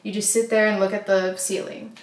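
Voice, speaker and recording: A woman's voice: medium pitch, flat delivery, fairly quick. A woman hosting a casual motivational wellness talk, speaking earnestly with frequent fillers and repeated phrases. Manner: earnest, repetitive, filler-heavy. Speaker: wellness host. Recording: echoey room.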